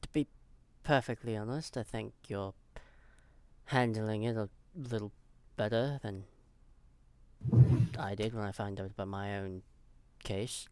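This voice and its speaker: A man voicing a calm, measured male Vulcan officer in a tabletop role-play, explaining matter-of-factly. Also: fairly low pitch, clean tone, close to an everyday voice.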